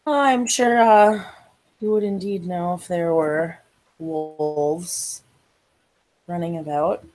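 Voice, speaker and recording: Lady doing a gracious irish court lady, slow, lowish, measured. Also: fairly even intonation, darkish tone, low-quality recording. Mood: amused. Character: gracious Irish woman, courtly vampire hostess.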